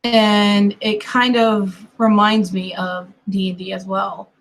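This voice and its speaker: A woman's voice: medium pitch, level tone, slow pace. A young woman from the western US with a mixed accent touched by Kentucky Southern, chatting in a rambling, playful way while she draws. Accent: mixed American with light Kentucky Southern touches. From Colorado and California, US. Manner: chatty and digressive, with laughs and playful asides. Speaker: streamer drawing while chatting. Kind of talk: casual rambling chat while drawing.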